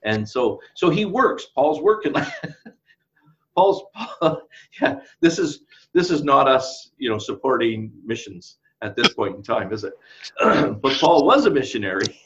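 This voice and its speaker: A man's voice: medium pitch, sing-song, unhurried, fairly bright tone, slight background noise. Middle-aged man co-hosting a Bible chat. He rambles and chuckles at himself. The audio is a bit dull. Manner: rambling, laughs at his own asides. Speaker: co-host of Bible discussion. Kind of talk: casual Bible study chat.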